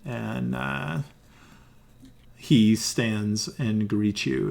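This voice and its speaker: A man's voice: medium pitch, very slow, gravelly, long pauses, darkish tone. A man narrating as game master, hesitant, with many ums and restarts.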